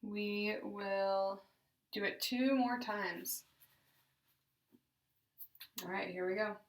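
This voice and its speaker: A woman leading a group voice exercise class, giving slow, deliberate, encouraging instructions. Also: medium pitch, steady tone. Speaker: voice therapy exercise leader. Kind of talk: guided speech exercise class. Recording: roomy sound from a distance.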